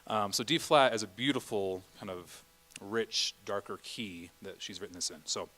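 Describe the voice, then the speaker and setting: A man's voice: lowish voice, moderate pace, pushed and bright. A middle-aged man directing a choir rehearsal in a church, chatty, often singing vowel and Latin examples.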